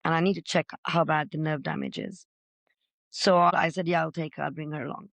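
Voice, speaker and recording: A middle-aged woman, a podcast guest, telling her own story with feeling, loud and gregarious by her own account. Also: sits low, a little fast, vocal fry, no room sound. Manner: expressive, says she is loud and gregarious. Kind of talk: emotional personal storytelling.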